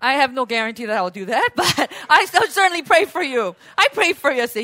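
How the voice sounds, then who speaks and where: A woman pastor giving a sermon, lively and conversational, acting out little quoted exchanges and laughing as she goes. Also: high-pitched, fast talker, no echo, clean studio sound. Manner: animated, acts out quoted voices, laughs often.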